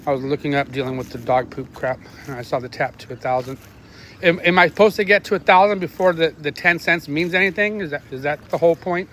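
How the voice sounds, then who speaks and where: A middle-aged man chatting casually while walking his dogs outdoors, rambling, swearing freely and barking quick commands at the dogs. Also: a little high, fairly bright tone, a little hiss or hum. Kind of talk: casual live-stream chat. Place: outdoors on a neighborhood walk.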